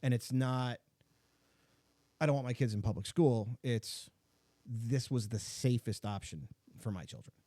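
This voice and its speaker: A middle-aged man hosting a casual podcast conversation. His voice is mellow and relaxed, and he rambles along with plenty of "like"s. The sound is close and dry, with no room echo. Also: mid-range voice, measured pace. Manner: chatty, filler-heavy storytelling with many "like"s. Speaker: podcast host. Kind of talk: casual chat.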